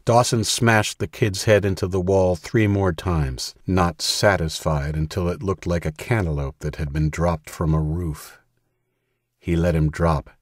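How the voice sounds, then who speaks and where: A male audiobook narrator with a deep, husky voice reads a tense thriller in a steady, measured way. The recording is close and dry, with no room sound at all. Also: no room sound. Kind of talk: scripted narration.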